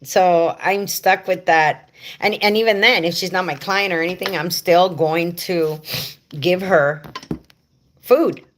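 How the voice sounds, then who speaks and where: Wearing a head-mounted microphone that picks up a little hiss or hum, a woman with a lowish voice talks unhurriedly on her casual livestream for home care workers. She rambles and chats directly to viewers, tossing in fond asides.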